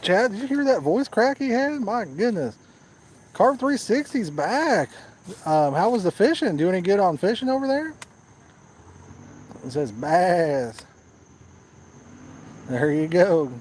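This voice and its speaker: A man's voice: high-pitched, sing-song, measured pace, pauses often, a little mellow, a little hiss or hum, low-quality recording. A man hosting a live fishing stream outdoors at night, reading viewer comments aloud and teasing his co-host. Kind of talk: casual live-stream chat.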